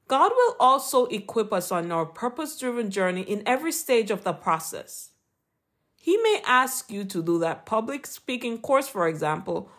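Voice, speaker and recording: A woman's voice: on the high side, a bit bright. A woman with a Jamaican accent reading an earnest, encouraging Christian motivational talk as a podcast host. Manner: earnest, encouraging, read from a script.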